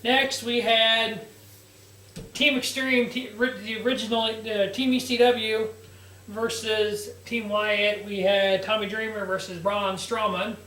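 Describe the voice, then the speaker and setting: A man's voice: high-pitched, level tone, slow, bright, forceful tone, a little hiss or hum. A man hosting a wrestling review show, giving a blunt, sarcastic casual recap and swearing freely. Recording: roomy echo, distant from mic.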